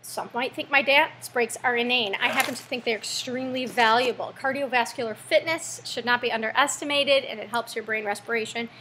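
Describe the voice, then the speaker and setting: A young American woman, an English teacher, running a vocabulary lesson with playful, jokey asides and a slightly breathy voice. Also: on the high side, fairly quick, hardly any pauses, pushed and bright, a little hiss or hum.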